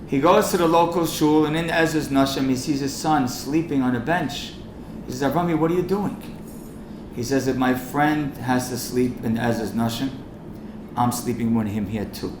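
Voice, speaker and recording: A man's voice: a little high, normal speed. Man met gepassioneerde preek in galmende zaal. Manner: impassioned, rising to urgent pleading. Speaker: rabbi speaking at a fundraiser. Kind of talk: storytelling speech and charity appeal. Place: event hall. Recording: echoey hall with faint noise.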